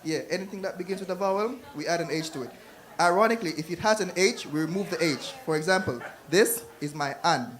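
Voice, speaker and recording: A man's voice: high voice, quick pace, a bit bright. A man from Jamaica with a Jamaican accent, doing a loose, chatty stand-up set on a club stage into a corded handheld mic. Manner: loose, chatty, laughs at own jokes. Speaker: stand-up comedian.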